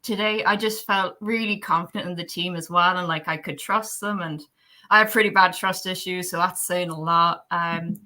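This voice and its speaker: A woman's voice: lowish voice, fairly even intonation, moderate pace, bright, forceful tone. A woman appearing as a podcast guest, chatty, giggly and candid in casual conversation. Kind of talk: casual chat.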